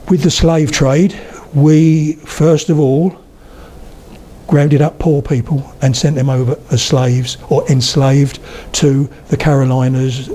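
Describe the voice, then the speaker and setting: Older man giving a lively lecture. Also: mid-range voice, a little hiss or hum. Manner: chatty storyteller, slips into accent demonstrations. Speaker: guest speaker on spoken English. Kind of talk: public lecture.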